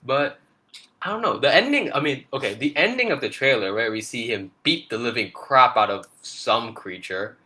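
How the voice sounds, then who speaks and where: A man's voice: medium pitch, animated, moderate pace, pushed and bright, slight background noise. A man co-hosting a casual trailer breakdown, rambling with lots of fillers and restarts. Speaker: podcast co-host.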